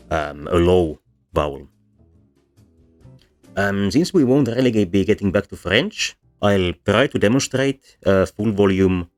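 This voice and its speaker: Deep-voiced man lecturing over soft music. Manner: explanatory, frequent ums and self-corrections. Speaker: linguistics presenter. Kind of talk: slide lecture. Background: soft bossa music.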